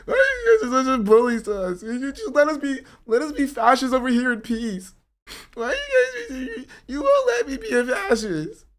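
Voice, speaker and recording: A shrill, whimpering crybaby of a grown man, pleading in a voice pitched far above normal, half sobbing and loud. A man puts him on in mockery on a stream. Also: huge pitch swings, normal speed, heavily acted. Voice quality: high, whimpering, mock-crying. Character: whiny self-pitying adult man, mocked.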